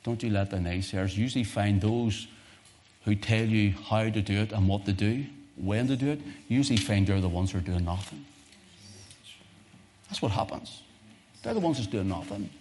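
Fervent male preacher, low-pitched. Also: moderate pace, slight background noise. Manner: impassioned, swelling to loud fervent peaks then dropping to quiet asides; conversational, repeats phrases for emphasis. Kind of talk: sermon.

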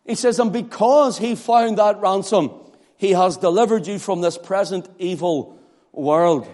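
Northern Irish male preacher, high-pitched and fervent, long hall reverb. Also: measured pace, darkish tone. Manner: impassioned, rising to emphatic declarations. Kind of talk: sermon.

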